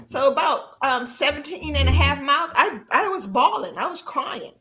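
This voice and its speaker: Animated woman telling a story. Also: moderate pace. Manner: animated, laughs often, jumps high when quoting herself. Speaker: podcast guest, motorcyclist. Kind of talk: conversational storytelling.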